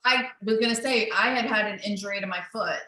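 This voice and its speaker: A woman's voice: mid-range voice, fast, sharp tone, reverberant, recorded from a distance, poor audio. A woman podcast host chiming in supportively during an interview. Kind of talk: casual interview.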